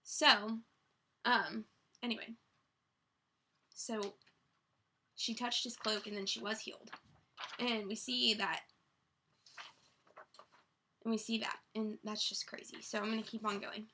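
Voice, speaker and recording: A young woman with a bright, forceful voice leads a student Bible study. She talks casually, full of "like" and false starts, pitched a little high. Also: flat delivery, slow pace, pauses often, slight background noise. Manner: chatty, lots of "like" and restarts.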